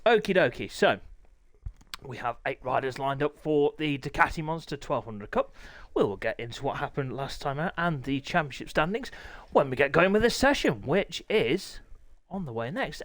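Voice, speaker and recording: A man hosting a live stream, commentating sim motorbike racing and chatting with viewers, often clearing his throat. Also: fairly high pitch, a bit bright, no echo.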